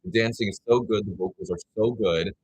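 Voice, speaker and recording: A young man hosting a live reaction stream, chatty and excitable, giving frank opinions in a scattered, casual way. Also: lowish voice, fairly quick, a little hiss or hum. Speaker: livestream reaction host.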